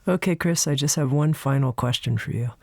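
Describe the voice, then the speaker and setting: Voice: medium pitch, fairly quick, gravelly, darkish tone, dry recording. An interviewer who asks curious, probing questions.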